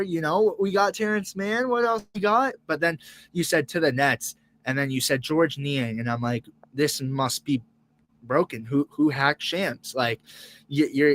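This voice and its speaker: A young man reacting live as co-host of a sports fan show, emotional and rambling, restarting and repeating words. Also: a little high.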